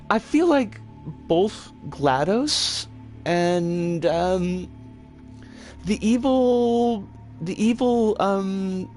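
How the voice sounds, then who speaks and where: Animated streamer chatting over game music. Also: mid-range voice. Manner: chatty, self-correcting, reads chat aloud; frequent stammered restarts and mild swearing. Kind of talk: live game stream commentary.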